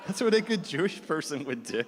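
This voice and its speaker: Animated preacher in a long-echo hall. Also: male voice, on the high side, brisk, noisy background. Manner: animated, swings from loud to hushed. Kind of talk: storytelling sermon.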